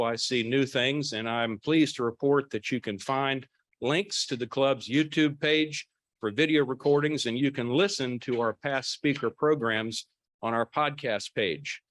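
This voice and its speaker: A man's voice: medium pitch, fairly bright tone, dry recording. Genial man opening a club meeting. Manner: genial, orderly, light self-deprecating asides. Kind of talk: formal welcome and announcements. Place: large banquet room with a crowd.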